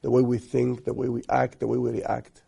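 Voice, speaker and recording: Gravelly-voiced sheikh, soft and husky. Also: male voice, mid-range voice, completely flat delivery, brisk. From Egypt. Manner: storytelling, soft-spoken with amused asides. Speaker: guest sheikh, marriage teacher. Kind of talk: relaxed conversational advice.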